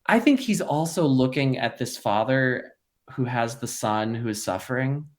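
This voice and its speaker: Animated priest acting out every quote. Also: male voice, normal speed. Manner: animated, acts out quotes with big pitch jumps; laughs often, drops low and quiet when serious. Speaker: parish priest. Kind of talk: podcast conversation.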